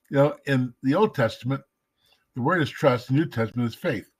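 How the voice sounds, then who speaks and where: A man giving a casual devotional teaching, emphatic, slowing down to stress key words and sometimes dropping to a whisper. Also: mid-range voice, animated, breathy edge. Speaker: messianic Jewish teacher.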